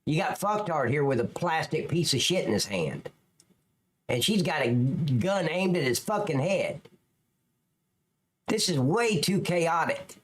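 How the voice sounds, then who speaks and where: A man's voice: on the high side, animated, a little slow. A man commentating on police footage, sarcastic and scornful, cursing constantly as he picks the scene apart. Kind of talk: profane video commentary.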